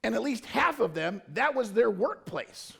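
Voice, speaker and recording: A man's voice: extremely high pitch, sing-song, normal speed, vocal fry, sharp tone, breathy edge. A man preaching a casual, conversational sermon as a pastor, joking and wandering into loose asides. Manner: informal, joking, rambling asides. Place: church.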